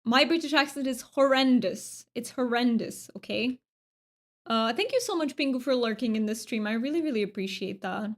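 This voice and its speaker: A woman's voice: on the high side, moderate pace. A woman streamer chatting casually while she plays, rambling with fillers and restarts. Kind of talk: casual gaming stream chat.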